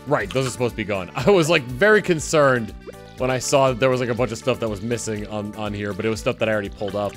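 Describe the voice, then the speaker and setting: A man's voice: mid-range voice, quick pace, faint music behind. A man chatting casually while playing a game on a live stream and reading out subscriber thanks. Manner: animated, reads out subscriber thanks. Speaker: streamer, co-player.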